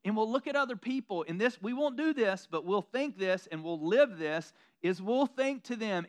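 High-pitched man preaching a sermon. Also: expressive, normal speed, few pauses. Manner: conversational, self-deprecating preaching with mocking quoted asides. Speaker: pastor.

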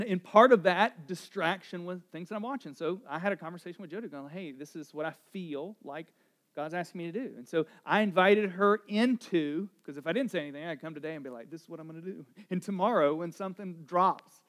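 A middle-aged man, a pastor, giving a conversational sermon that moves from quiet asides to loud emphatic preaching. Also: sits high.

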